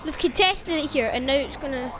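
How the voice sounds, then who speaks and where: A woman's voice: sits high, a little fast, noisy background. A young woman commentating her own gameplay, exclaiming and swearing at the game and grumbling about lag. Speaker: gaming video creator.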